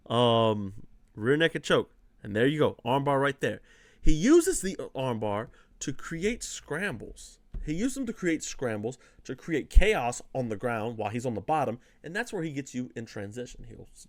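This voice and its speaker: A man talks through fight picks in a loose, off-the-cuff way, with his pitch swinging up and down a lot. His voice sounds close and dry, with almost no room sound. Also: no echo. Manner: loose and conversational, with many fillers and repeats. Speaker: host. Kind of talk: casual fight analysis.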